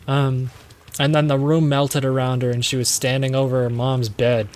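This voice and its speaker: A man's voice: mid-range voice, little pitch movement, a little fast, slight background noise. A young man streaming a game while rambling through a movie plot from memory, swearing and losing his thread. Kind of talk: casual movie recap while gaming.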